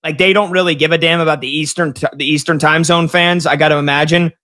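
A man hosts a live sports talk show, recapping game results as they break. His voice sits high and rings bright and forceful. He reacts with quick excitement. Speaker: sports betting show host.

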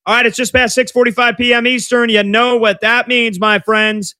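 Bright-voiced chatty sports radio host, man. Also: very high-pitched, level tone, normal speed, no room sound. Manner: chatty and rambling, with many fillers. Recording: dry studio sound.

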